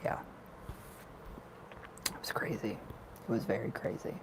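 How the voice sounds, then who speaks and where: A man's voice: unhurried, background noise. A man hosting a casual tarot livestream, chatty and laughing often as he talks to viewers.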